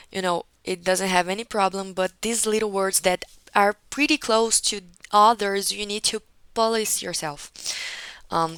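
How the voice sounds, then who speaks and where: A woman's voice: mid-range voice, fairly bright tone, clear, resonant tone, dry recording, poor audio. A woman teaching an English conversation class over a video call, patiently correcting a student and often checking in with "okay?". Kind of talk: one-on-one online class feedback.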